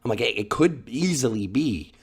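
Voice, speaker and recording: A man's voice: medium pitch, expressive, moderate pace, slightly rough. A man co-hosting a TV review podcast in casual chat, rambling and enthusiastic in his agreement. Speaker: podcast co-host.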